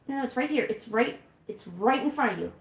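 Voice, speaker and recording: A woman hosting a livestream, chatting casually and coaxing her cats with high, sing-song pet talk at home. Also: expressive, brisk. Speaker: livestream host. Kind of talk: casual chat to her cats during a stream. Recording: echoey room with faint hiss.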